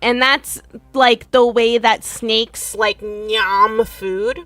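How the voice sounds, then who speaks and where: High-voiced, slow-talking woman co-host. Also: no room sound, faint music behind. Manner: excitable, rambling, swears. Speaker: co-host, intern. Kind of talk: comedy podcast banter.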